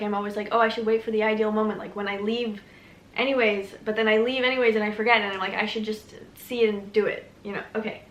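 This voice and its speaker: A woman's voice: medium pitch, a bit bright. Young woman vlogger, casual storyteller, rambling and chatty, echoey room.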